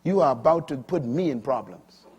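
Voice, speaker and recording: An older man preaching a sermon in a husky voice, swinging between quiet storytelling and loud, emphatic declarations. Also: mid-range voice, expressive, normal speed.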